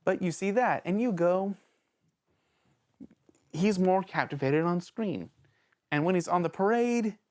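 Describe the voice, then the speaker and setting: A man hosting a casual video review show, talking in an animated, jokey way that rambles and interrupts itself, with sudden jumps in pitch. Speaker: host of a villain-ranking show.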